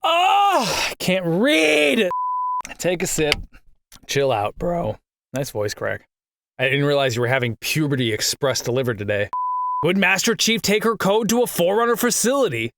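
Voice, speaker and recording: Narrating a scripted critique of a game, this twenty-something keeps tripping over words and cursing in frustration at his misreads, leaving outtakes in. He speaks on the high side in a sing-song way at normal speed, with background noise.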